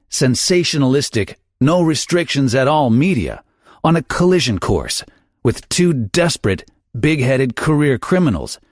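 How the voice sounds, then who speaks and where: A man's voice: mid-range voice, dry recording, studio quality. A man hosting a true-crime podcast, narrating a scripted story in a dramatic, wry manner. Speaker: podcast host.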